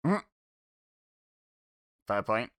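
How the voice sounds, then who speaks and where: A man's voice: drawn-out words, fairly bright tone, no room sound, studio quality. A man hosting a watch-along, giving casual, sarcastic reaction commentary and chuckling to himself.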